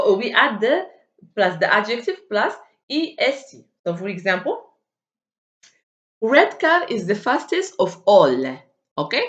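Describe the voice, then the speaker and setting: A woman teaching an English grammar lesson, speaking with many hesitations and fillers and drilling word forms aloud. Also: fairly low pitch. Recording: dull, echoey room.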